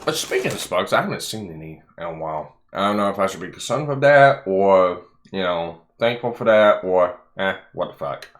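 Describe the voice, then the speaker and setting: Low-voiced excitable male streamer. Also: moderate pace, hardly any pauses. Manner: excitable, laughs often, swears casually. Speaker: stream host. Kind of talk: casual livestream chat.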